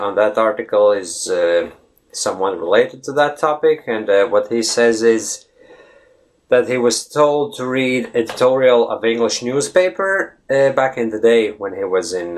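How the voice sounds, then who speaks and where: Chatty man hosting a video blog. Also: on the low side. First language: Latvian. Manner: chatty, many fillers and tag questions like "right?". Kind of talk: casual explanatory vlog.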